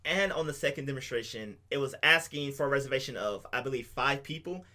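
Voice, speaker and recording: A man's voice: mid-range voice, fast talker, bright, forceful tone. A man co-hosting a podcast, explaining things at length with enthusiasm in a casual chat. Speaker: podcast co-host.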